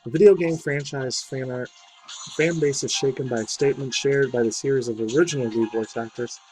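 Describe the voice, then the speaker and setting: A man's voice: mid-range voice, fairly even intonation, fairly quick, a little mellow, rough recording. A man casually reading out a gaming news article, breaking off into rambling, slangy asides. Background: faint game music.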